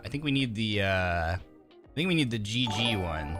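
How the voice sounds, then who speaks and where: A man's voice: on the low side, lively intonation, brisk, a bit bright, faint music behind. A young man on a casual livestream, cheerfully welcoming viewers by name and thanking them, often stumbling over names. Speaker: streamer.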